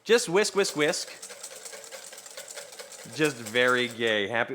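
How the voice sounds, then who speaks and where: A man's voice: medium pitch, very animated, slow pace, long pauses, bright, forceful tone, a little hiss or hum. A man streaming himself cooking, chatting casually and playfully with his viewers and laughing often.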